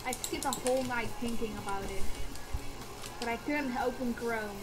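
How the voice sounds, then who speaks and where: A woman's voice: a little high, moderate pace, over music, poor audio. A woman streaming a game, chatting in a playful, rambling way. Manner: playful, chatty, jumps between topics. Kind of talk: casual gaming chat. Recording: loud keyboard typing behind.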